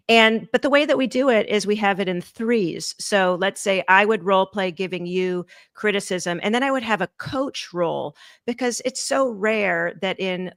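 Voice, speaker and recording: A woman's voice: medium pitch, fairly bright tone, no room sound. Casting: woman from Boston, interview host, chatty and joking, dry close sound. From Boston, USA. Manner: chatty, self-deprecating, quick asides. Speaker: podcast host and coach. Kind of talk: live interview conversation.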